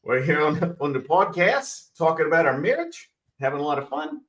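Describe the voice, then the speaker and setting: A man's voice: on the high side, big pitch swings, normal speed, fairly bright tone, voice pushed up. A man voicing a put-on Australian accent as a joke, in a playful manner. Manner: jokey, playful. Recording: roomy, distant mic.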